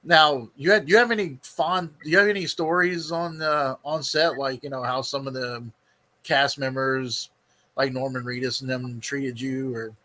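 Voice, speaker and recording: Bright-voiced hesitant male host. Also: mid-range voice, fairly even intonation, moderate pace. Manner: rambling, hesitant questions with many fillers. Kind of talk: casual interview.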